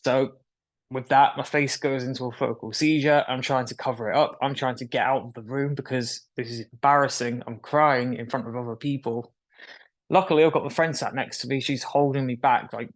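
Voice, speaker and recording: A young man being interviewed talks fairly quickly in a steady, mid-range voice. He's frank about his story in this candid conversation, with the odd nervous laugh.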